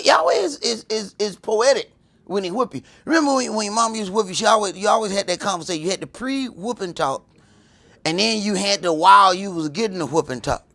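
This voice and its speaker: A man teaching a religious class in a lively preaching style, telling stories and acting out voices, swinging from loud to hushed. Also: high-pitched, gravelly. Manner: animated, storytelling, acts out voices, swings from loud to whispered.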